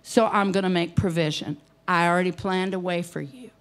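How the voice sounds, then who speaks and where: A woman voicing God as a patient father who questions gently and calmly. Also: lowish voice, brisk, natural voice. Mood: gentle.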